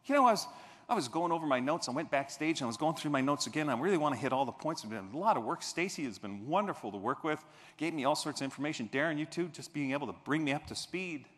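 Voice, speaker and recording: A man giving a motivational keynote speech on a convention stage, telling a story and acting out the scenes with bursts of shouting. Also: a little high, fast. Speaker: keynote speaker. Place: large convention hall stage. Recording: reverberant convention hall.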